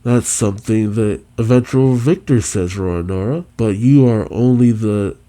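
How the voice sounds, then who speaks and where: A man voicing a cold, scheming male assassin in a quiet, menacing tone. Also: on the low side, unhurried, natural voice. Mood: taunting.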